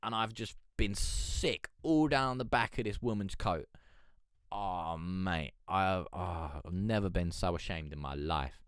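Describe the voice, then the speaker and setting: Low smooth-voiced guy on a live stream, rambling and swearing a lot, dry close sound. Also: measured pace, no room sound. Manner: rambling, sweary storytelling with many fillers. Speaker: livestream host. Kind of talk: casual live-stream chat.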